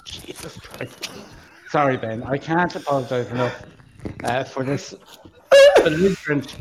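A man's voice: mid-range voice, a little slow, very noisy. A man hosting a casual group call, teasing his friends while he tries to keep order. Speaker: host.

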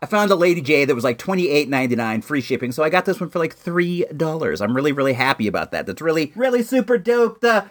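Animated, chatty man with a bouncing voice. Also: fairly high pitch, fast talker, few pauses. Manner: laid-back and chatty, full of "like" and "dude"; excitable, voice jumping up and down. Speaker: toy collector reviewing action figures. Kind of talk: casual chat to camera.

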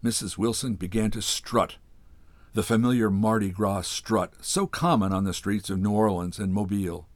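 A man hosting a program where he reads a literary short story aloud, in unhurried, measured narration. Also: lowish voice, no echo. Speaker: host reading stories aloud.

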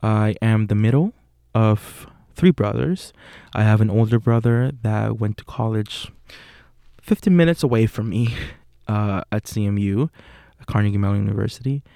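A young man with a Puerto Rican accent hosting a podcast, talking in an unhurried, casual way with many fillers and self-corrections. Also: fairly low pitch, creaky, dark tone, clear, resonant tone, dry recording, studio quality. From Puerto Rico. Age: young adult. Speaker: podcast host.

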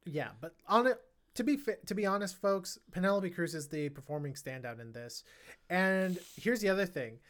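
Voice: medium pitch, normal speed. Chatty podcast co-host reviewing a film. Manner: animated, chatty, lots of fillers and restarts. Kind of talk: casual film review chat.

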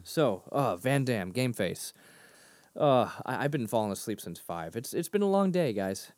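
Here a man in his thirties from near Boston co-hosts a podcast, very animated, with a darkish mid-range voice and slight hiss or hum in the background. He chats casually and rambles, teasing himself and laughing easily at his own jokes.

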